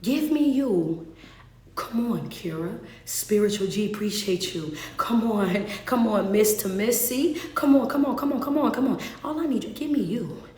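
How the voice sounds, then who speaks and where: A woman's voice: medium pitch, normal speed, few pauses, a little mellow. Emphatic preaching woman in an echoey room. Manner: emphatic, calls out to viewers by name. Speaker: motivational speaker and life coach. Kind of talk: live-streamed motivational preaching. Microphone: phone livestream.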